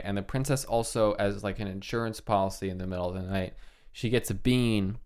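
A man's voice: on the low side, smooth. A man casually retelling a fairy tale with wry humor, using fillers, as a podcast co-host. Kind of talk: casual comedic storytelling.

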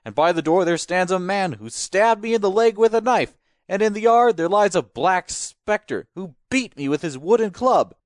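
A man's voice: high voice, expressive, moderate pace, dry recording, clean studio sound. A man playing a frantic, terrified robber. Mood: panicked. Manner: breathless, frantic storytelling. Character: terrified male robber fleeing in panic. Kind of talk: amateur audio drama acting.

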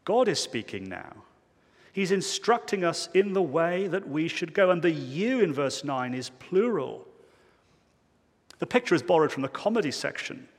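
A male pastor preaching a sermon in a church, emphatic, swinging between loud declarations and hushed low phrases. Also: animated, normal speed, long reverb tail.

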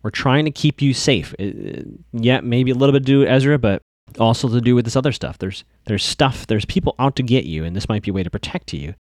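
A man's voice: medium pitch, animated, brisk, darkish tone, no room sound, clean studio sound, lightly acted. A man voicing a worried, protective mother who pleads earnestly. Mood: pleading.

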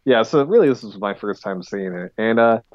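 A man's voice: lowish voice, expressive, brisk, a little mellow, no room sound, dull audio. A man co-hosting a podcast in casual chat, rambling with lots of "like" and restarts. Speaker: podcast co-host.

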